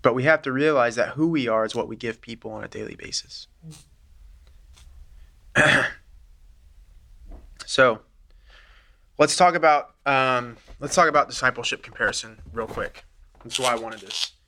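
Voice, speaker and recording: A man leads a church group in an informal teaching session, his voice bright and forward. He talks earnestly and conversationally, walking listeners through ideas one step at a time at a moderate, even pitch. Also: moderate pace, pauses often.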